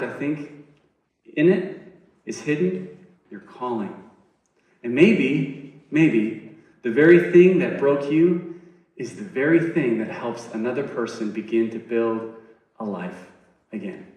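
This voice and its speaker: A man giving an earnest inspirational talk on stage, building to emphatic peaks and dropping to soft endings. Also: mid-range voice. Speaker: TEDx speaker. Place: large hall on stage. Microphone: recorded from the audience on a phone. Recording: very echoey hall, distant phone recording.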